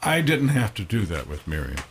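A man directing a play, speaking in a measured, hesitant way in a radio interview. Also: lowish voice, wildly swooping pitch, a little hiss or hum. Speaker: theater director.

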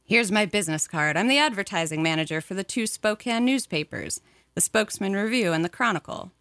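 A woman reading aloud, voicing a stubborn, quick-tempered middle-aged father who talks briskly. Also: medium pitch, lively intonation, dry recording, studio quality. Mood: sharp. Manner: brisk, sharp.

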